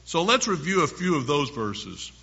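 A man preaching a sermon, reading scripture verses slowly with strong emphasis. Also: a little high, very animated, vocal fry, bright, forceful tone, dull audio.

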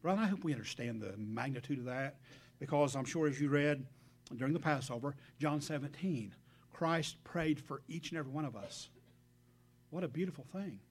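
A man's voice: a little high, animated, fairly quick, husky. A man giving a conversational sermon, speaking earnestly and addressing the congregation directly, with reflective asides between scripture readings. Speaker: preacher.

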